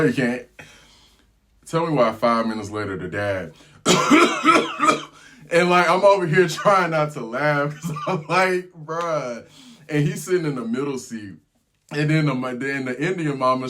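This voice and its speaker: A man recounts a story for his vlog in loose, slang-filled talk. His pitch sits at a middle level, and the telling stays animated, breaking into fits of laughter. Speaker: travel vlogger.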